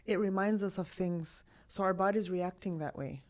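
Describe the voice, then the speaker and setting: Expressive woman therapist talking animatedly. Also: lowish voice, moderate pace. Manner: animated, acts out quoted voices, asks many rhetorical questions. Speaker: trauma therapist, guest. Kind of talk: podcast conversation.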